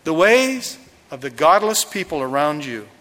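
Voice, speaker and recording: A man's voice: fairly high pitch, very animated, a little slow, a bit bright, big-room sound. A male pastor preaching a sermon, retelling a story dramatically with acted quotes.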